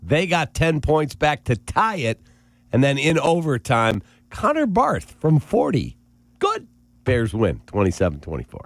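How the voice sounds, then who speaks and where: A man's voice: a little high, wildly swooping pitch, measured pace, dry recording. A man co-hosting a sports radio show, rattling off game stats and scores in casual banter.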